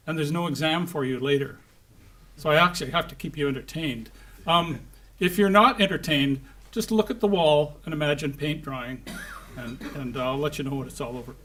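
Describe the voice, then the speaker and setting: A man with a somewhat high voice gives a conference lecture to a live audience. He keeps it lively and teases the crowd as he goes. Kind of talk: conference talk.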